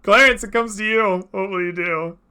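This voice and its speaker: A man narrating a tabletop game as game master, casual and lively, with plenty of "uh" and easy laughter. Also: high voice, moderate pace, clear, resonant tone.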